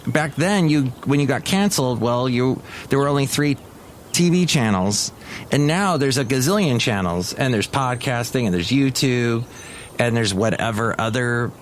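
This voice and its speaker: A man hosts his podcast in loose, casual chat, rambling from one thought to the next and cracking jokes. His voice sits at an ordinary middle pitch. Faint background noise hangs under the recording. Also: expressive, normal speed. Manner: chatty, rambling, jokey. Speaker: podcast host.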